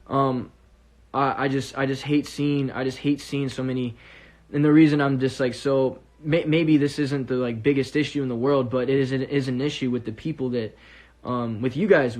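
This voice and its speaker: An earnest young man talks straight to his fans over a livestream, in a voice of middling pitch. He rambles through heartfelt advice, stopping and restarting with plenty of ums and likes. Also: darkish tone. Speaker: musician talking to fans on a livestream. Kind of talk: casual heartfelt monologue. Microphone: phone or webcam on a livestream.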